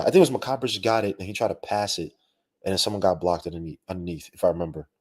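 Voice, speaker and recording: A young man hosting a live post-game basketball podcast, talking in an animated, slangy, ranting way with lots of asides. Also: deep voice, racing. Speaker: podcast host.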